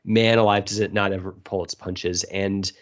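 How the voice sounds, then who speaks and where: A lower-voiced man hosts a casual podcast chat and speaks thoughtfully, often restarting his sentences. The audio sounds dull and lo-fi. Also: steady tone. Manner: thoughtful, halting, many restarts. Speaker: podcast host.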